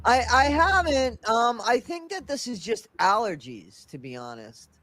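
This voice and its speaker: A high-pitched man hosts a casual livestream, his voice stuffy and congested. He talks haltingly, restarting his sentences. The sound is dry and close. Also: very animated, sharp tone, no room sound. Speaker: livestream host.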